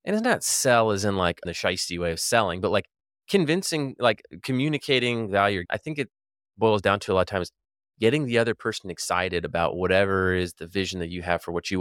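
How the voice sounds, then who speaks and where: A man's voice: on the low side, clean tone, no echo, studio quality. A man hosting a podcast interview, talking loosely and casually with lots of fillers. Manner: loose and chatty, many fillers like "like" and "you know". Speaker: podcast host.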